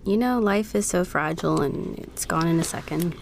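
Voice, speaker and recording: A woman's voice: lowish voice, normal speed, creaky, slight background noise. A woman interviewer asking questions in a sympathetic, curious way. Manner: sympathetic, inquisitive. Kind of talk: conversational interview.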